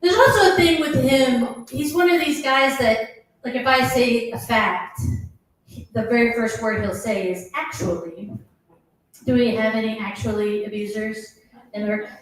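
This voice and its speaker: A middle-aged woman performing a stand-up comedy set, animated, dropping lower to mimic her husband. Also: normal speed. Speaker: stand-up comic. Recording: roomy echoing venue, mic heard from a distance.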